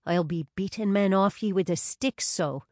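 A man's voice: high voice, moderate pace, no room sound, close to an everyday voice. A woman voicing a playful young Irish man about to marry, teasing in an Irish accent. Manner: teasing, dry.

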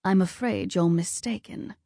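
A woman's voice: on the low side, a little slow, dark tone, dry recording. A woman voicing a young male trickster god who makes dry, teasing remarks. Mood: wry.

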